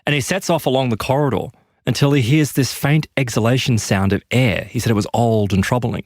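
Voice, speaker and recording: A man's voice: a little fast, dry recording, studio quality. A man hosting a podcast, narrating an eerie story with dramatic emphasis. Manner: dramatic, emphatic pitch lifts. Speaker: podcast host.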